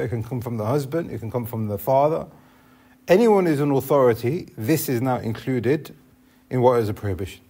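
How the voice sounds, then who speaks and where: A man's voice: medium pitch, darkish tone, slightly rough. A man teaching a classroom lesson on Islamic law, explaining step by step and asking the class questions.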